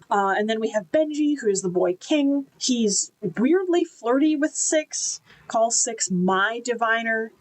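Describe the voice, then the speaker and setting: A woman's voice: fairly high pitch, lively intonation, a little slow, hardly any pauses, rough recording. A woman giving an enthusiastic, chatty book review, with casual fillers and restarts.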